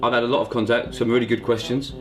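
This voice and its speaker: A man's voice: medium pitch, little pitch movement, fast talker, faint music behind, rough recording. A man hosting a casual vlog, dry and self-mocking, with lots of ums. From England. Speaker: host.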